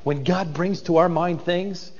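A man's voice: sits high, a little slow, a little mellow, big-room sound, muffled recording. A man preaching an expository sermon, dramatic and acting out the voices of biblical figures.

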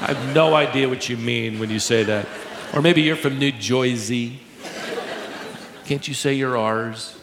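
A man's voice: mid-range voice, background noise. Man, pastor, emphatic sermon teaching, light jokes with congregation, roomy hall. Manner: emphatic teaching, slows to stress key words, joking with the congregation. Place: large church hall with a live congregation. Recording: echoey hall, long reverb.

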